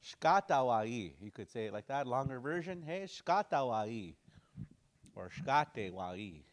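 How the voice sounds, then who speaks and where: A man teaching a language class in a relaxed way, repeating phrases slowly and making jokey asides. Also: medium pitch. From Dakota community.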